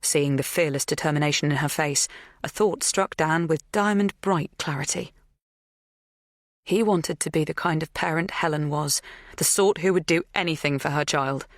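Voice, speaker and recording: An audiobook narrator reading a suspense novel with measured tension. The voice sits in a middle range. The recording is dry and close. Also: medium pitch, no room sound. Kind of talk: scripted narration.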